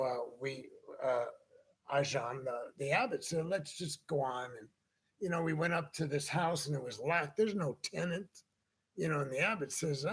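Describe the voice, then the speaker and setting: A man's voice: fairly high pitch, husky. A man hosting a casual talk show, telling a long anecdote and acting out the people in it. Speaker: podcast host. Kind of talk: casual storytelling chat.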